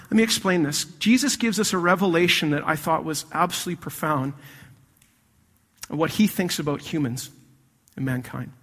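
A man preaching a sermon as pastor, animated, swinging between loud emphasis and hushed intensity. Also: a little high, moderate pace, long reverb tail.

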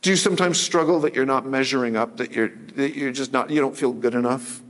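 A man's voice: medium pitch, fast. A man preaching a sermon as pastor, earnest and plain-spoken, rising to emphatic force when he recites scripture. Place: church sanctuary. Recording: sermon with long hall reverb.

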